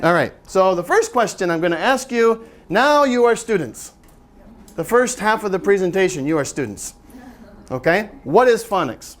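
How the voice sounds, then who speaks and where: A middle-aged man gives a live workshop presentation to an audience, speaking at normal speed in a high-sitting voice with big pitch swings. He's chatty and joking, drawing the room in.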